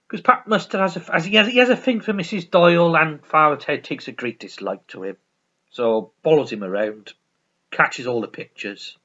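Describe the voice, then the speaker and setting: A man's voice: mid-range voice, sharp tone. A man chatting casually on his vlog, rambling and swearing, often stumbling and laughing. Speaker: vlogger. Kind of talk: casual chat reviewing a sitcom. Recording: dull lo-fi recording.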